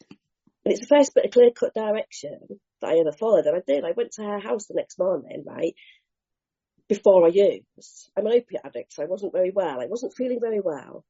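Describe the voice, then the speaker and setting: A woman sharing her recovery story at a meeting, candid and lively, acting out scenes with slang and the odd swear. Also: mid-range voice, a little fast, husky. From Bristol, England. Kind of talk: animated personal storytelling. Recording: dull lo-fi meeting recording.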